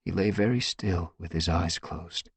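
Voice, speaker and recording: Deep husky male audiobook narrator. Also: measured pace, no echo. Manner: expressive, tense storytelling. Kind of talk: dramatic scripted narration.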